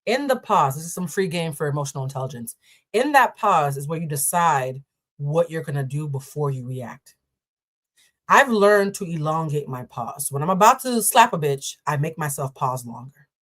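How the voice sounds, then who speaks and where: A woman hosting a live show, telling a story in an animated way and deliberately slowing down. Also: low voice. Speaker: host.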